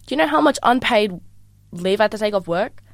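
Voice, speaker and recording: A woman's voice: medium pitch, fairly quick, gravelly, no echo. Sick-sounding young woman, podcast co-host. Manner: chatty, animated storytelling. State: congested, sick voice. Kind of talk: casual chat.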